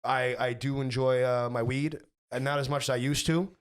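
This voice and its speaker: A young man hosting a podcast, telling stories in a casual, animated, profane way. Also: mid-range voice, normal speed, clean tone. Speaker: podcast host. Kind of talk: casual chat.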